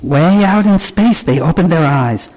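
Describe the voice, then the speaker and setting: Gentle, slow-reading worship leader. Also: medium pitch, lively intonation, low-quality recording. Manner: gentle, halting, with fillers. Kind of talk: storytime reading in a service.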